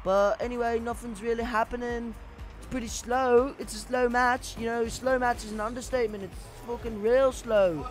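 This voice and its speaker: High-voiced sweary guy. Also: fairly even intonation, normal speed, soft background music. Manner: rambling, sweary, mock-scolding banter. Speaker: podcast co-host. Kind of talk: casual gaming stream chat.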